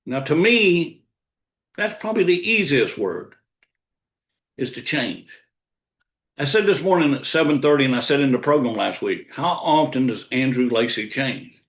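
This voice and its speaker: A man's voice: mid-range voice, animated, normal speed. An older man giving a motivational sales coaching talk, repeating key lines for emphasis. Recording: roomy echo.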